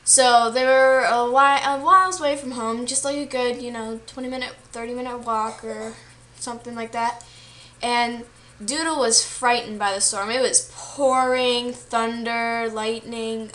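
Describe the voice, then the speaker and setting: Retelling a story she read, a young student vlogger talks casually, packs in fillers, and acts out the quotes. Her voice is a little high and a bit bright, with a steady tone and a measured pace.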